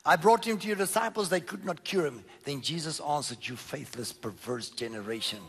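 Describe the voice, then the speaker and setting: Gravelly preacher man, emphatic. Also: fairly quick. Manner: emphatic, swings between loud declarations and low murmurs; reads scripture aloud and comments on it. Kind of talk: sermon.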